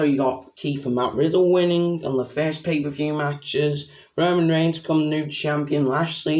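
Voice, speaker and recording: A young man giving a rambling, excitable spoken review of a wrestling event. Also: fairly high pitch.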